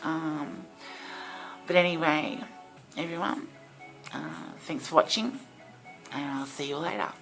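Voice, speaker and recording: An Australian woman talking candidly in a casual personal vlog, chatty and quick to laugh. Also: low-pitched, fairly even intonation, low-quality recording. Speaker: vlogger. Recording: clear background music. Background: music.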